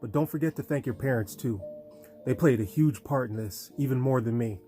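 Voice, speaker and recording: A man's voice: medium pitch, brisk, warm tone, faint music behind, close to an everyday voice. An audiobook reader voicing a plainspoken, teasing old farmer grandfather. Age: older.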